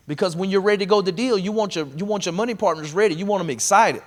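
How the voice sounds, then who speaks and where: A man giving a live workshop talk on real estate investing to a room, energetic and conversational, coaching the audience directly. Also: high-pitched, fast talker.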